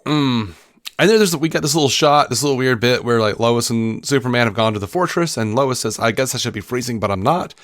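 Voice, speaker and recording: An animated man co-hosting a film podcast, talking casually and swearing often as he retells scenes. His voice sits at an ordinary middle pitch. The sound is dry and close, with no room around it. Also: brisk, no room sound. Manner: animated, profane, acts out movie lines. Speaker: podcast co-host. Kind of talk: casual film-review chat.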